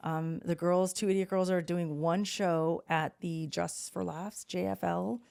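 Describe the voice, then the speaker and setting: A woman's voice: lowish voice, fairly even intonation, unhurried, gravelly, darkish tone. A woman co-hosting a podcast in casual, chatty talk, gushing and often laughing. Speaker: podcast co-host.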